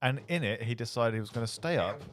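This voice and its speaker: A man's voice: mid-range voice, fast, a little hiss or hum. A man presenting a casual charity livestream on student radio, sounding tired, with dry humour. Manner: tired, self-described monotone, dry humour.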